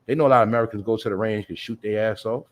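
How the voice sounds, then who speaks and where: Slangy, preachy livestream host, lowish voice. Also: male voice, fairly even intonation, very fast. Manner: streetwise slang, addresses listeners as "y'all", "you feel me"; preachy, repeats his points for emphasis. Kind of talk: casual livestream monologue.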